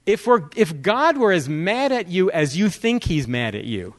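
This sermon with humor comes from a guest speaker, a man whose voice sits fairly high. Conversational and playful, he tells lively stories, slips in asides after the scripture, and keeps listeners engaged by firing off quick questions.

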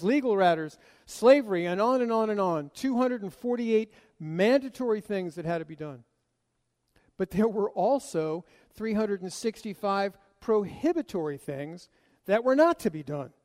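A man's voice: high voice, darkish tone, in a large hall. A man preaching an expository sermon, emphatic and full of rhetorical questions he answers himself.

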